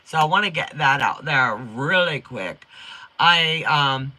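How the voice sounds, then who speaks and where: A middle-aged woman hosting a quilting livestream, chatting in a folksy way with a strong accent, talking fast and reading viewer comments. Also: low voice, animated. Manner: upbeat and warm toward viewers.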